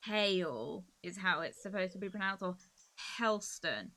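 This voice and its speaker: A woman's voice: medium pitch, expressive, unhurried, pushed and bright. A woman with a Cornish accent, chatting casually on a gaming live stream, giggling often and rambling.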